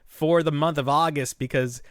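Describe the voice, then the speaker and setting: A man's voice: on the high side, moderate pace, dry recording, studio quality. A man co-hosting a podcast, chatting casually and joking. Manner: animated, jokey, riffing. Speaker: podcast co-host. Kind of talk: casual chat.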